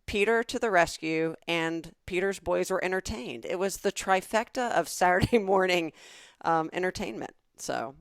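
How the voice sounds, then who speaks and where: Lower-voiced Southern woman telling an anecdote. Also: moderate pace, no room sound, studio quality. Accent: Southern American. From American South. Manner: animated storyteller, building up anecdotes. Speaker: podcast co-host. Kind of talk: casual comedic chat.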